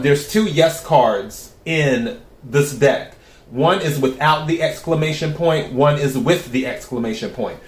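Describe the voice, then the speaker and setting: A man reading tarot cards for his viewers in a voice pitched a little above most men's. He speaks in a steady, unhurried way and repeats his questions to the deck. The room around him sounds echoey. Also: a little hiss or hum. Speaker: tarot reader.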